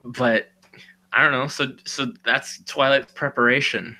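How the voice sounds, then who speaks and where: A man's voice: medium pitch, steady tone, measured pace, sharp tone. A man co-hosting a podcast, casually retelling a story with lots of "you know" and "like", acting out the characters' lines. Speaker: podcast co-host.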